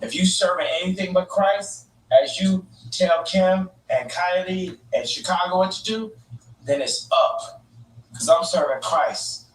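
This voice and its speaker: A man's voice: high-pitched, unhurried. A man speaking as a podcast guest, emphatic and preachy in conversation. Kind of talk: conversational interview talk. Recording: echoey far-off podcast clip.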